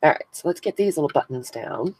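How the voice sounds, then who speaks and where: A woman's voice: deep voice, expressive, fast talker, a little mellow, slightly rough, no echo, poor audio. A woman hosting a casual craft live stream, chatting with viewers by name as she glues buttons and thinks aloud. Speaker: craft channel host. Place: indoors at a crafting table.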